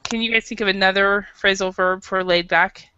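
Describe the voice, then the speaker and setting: In this dull, lo-fi classroom recording, an American woman leads an English lesson with patience and hesitation, full of fillers and false starts. She speaks at a normal speed in a medium-pitched, smooth voice that's pushed and bright, with fairly even intonation.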